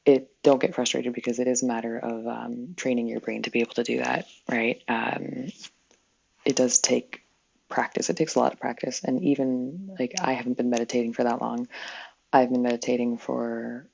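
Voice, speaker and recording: This is a woman leading a live spiritual healing session in loose, rambling chat. She backtracks and laughs softly at herself as she goes. Her voice is husky and breathy, and the livestream sound is muffled and lo-fi. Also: extremely low pitch, fairly even intonation, normal speed. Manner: rambling, self-correcting, chuckles often. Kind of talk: casual livestream talk.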